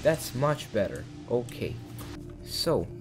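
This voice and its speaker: A man's voice: mid-range voice, very animated, slow, over music. A young man giving casual commentary over a game, reading in-game text aloud with joking asides. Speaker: gaming channel host.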